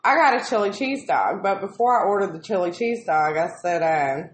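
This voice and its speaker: A woman's voice: on the low side, animated, normal speed, few pauses. Swearing woman, roomy echo. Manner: swears constantly, ranting and exasperated. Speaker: co-host of a live video chat. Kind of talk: casual profane storytelling.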